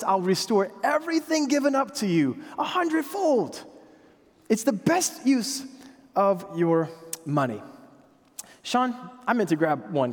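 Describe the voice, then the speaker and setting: A man in his thirties preaching a sermon in a church, telling stories with self-deprecating humor in a conversational way. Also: sits high. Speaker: pastor. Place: church sanctuary. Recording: long hall reverb.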